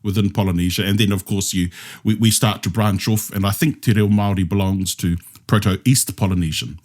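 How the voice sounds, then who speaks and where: A man's voice: fairly low pitch, a little fast, a little mellow. A man with a New Zealand accent leading a language discussion, explaining patiently step by step and checking in with his listeners. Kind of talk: explanatory teaching chat.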